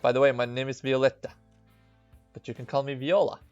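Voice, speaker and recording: A man voicing a blunt middle-aged female school nurse who gives curt orders in an even tone. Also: mid-range voice, fairly quick, muffled recording, faint music behind, close to an everyday voice.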